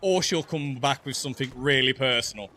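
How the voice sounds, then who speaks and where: A man with a softened Black Country accent chatting casually while streaming a game, laughing often and stumbling over his words. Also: medium pitch, fairly quick, a little hiss or hum. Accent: Black Country English, softened. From English West Midlands. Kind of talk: casual chat while gaming.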